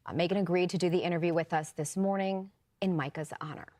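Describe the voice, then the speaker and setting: A woman's voice: fairly low pitch, fairly even intonation, quick pace, warm tone, dry recording, clean studio sound. A woman presenting the news who becomes choked up and apologizes on air. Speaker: TV news anchor.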